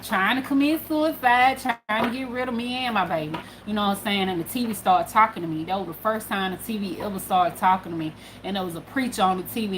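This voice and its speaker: Woman, casual vlog storyteller, profane and animated, faint background noise. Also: medium pitch. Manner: animated and profane, swinging between hushed and loud. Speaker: spiritual channel host.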